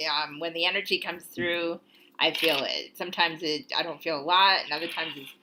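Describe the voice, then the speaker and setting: Over some background noise, a deep-voiced young woman runs her channel's oracle card reading. She keeps things casual and encouraging in this spiritual video chat, wandering along with ums and little laughs.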